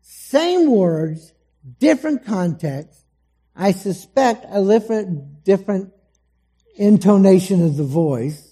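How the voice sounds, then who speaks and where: A man preaching a sermon to a congregation, dramatic, acting out the voices he quotes and swinging between loud emphasis and soft, low asides. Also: expressive, takes it slowly, slightly rough. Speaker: pastor. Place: church hall before a congregation.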